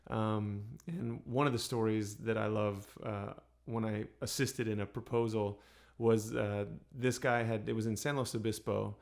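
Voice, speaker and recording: A singer-songwriter chatting in a relaxed, unhurried way, with many pauses and fillers. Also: male voice, lowish voice, gravelly. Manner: soft, unhurried, with many ums and restarts. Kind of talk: relaxed storytelling between songs.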